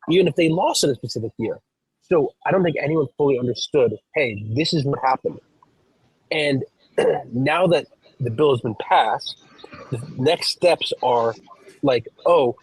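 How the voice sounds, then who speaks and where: A man's voice: medium pitch, slightly rough, no echo, rough recording. A man co-hosting a podcast, explaining a topic at length in casual chat, walking through examples and often restarting his sentences. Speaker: podcast co-host, professional gambler.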